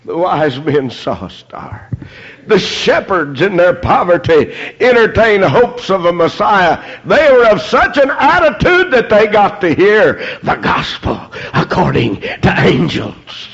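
A man's voice: high-pitched, very animated, slow pace, vocal fry, a bit bright, husky. A man preaching a fervent sermon, dotting his lines with amens and praise God, in a dull lo-fi recording.

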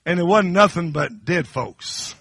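A middle-aged man preaching a sermon, dropping to low confiding talk and then rising to high shouted crescendos. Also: animated, a little slow, creaky, slightly rough, no room sound.

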